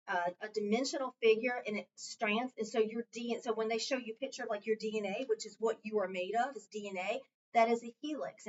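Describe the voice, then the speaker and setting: Heard distantly and muffled, with slight background noise, a medium-pitched woman teaches a few children to read. She patiently runs call-and-response drills in class.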